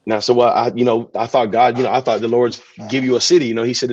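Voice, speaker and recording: A man, a pastor telling his story in an interview, relaxed and chatty. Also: mid-range voice, quick pace, few pauses, dry recording. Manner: relaxed, chatty, many fillers. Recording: dull, dry recording.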